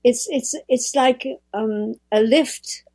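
A woman's voice: a little high, slow, mellow. A woman from Quebec with a French-Canadian accent, talking casually and reflectively about language and often repeating words as she starts a sentence. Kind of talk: casual conversation.

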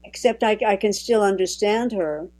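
A woman from Quebec whose first language is French, chatting thoughtfully in conversation, often pausing and restarting her sentences. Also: mid-range voice, darkish tone, rough recording. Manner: thoughtful, with frequent restarts and hesitations. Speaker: guest. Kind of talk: casual conversation.

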